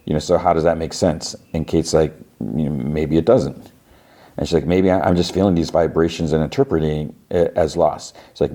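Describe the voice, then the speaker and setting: A man's voice: rumbling low, dark tone. A male podcast host casually recapping an episode, acting out the characters' lines in loose voices. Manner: acts out dialogue in loose voices; lots of "he's like" and restarts.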